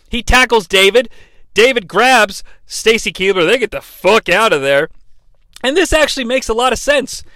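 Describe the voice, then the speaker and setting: A male podcast host gives a sarcastic, profane recap with a high, lively voice that swings up and down a lot. His tone is bright and forward. The sound is dry and close to the mic. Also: dry recording. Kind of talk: comedic wrestling recap.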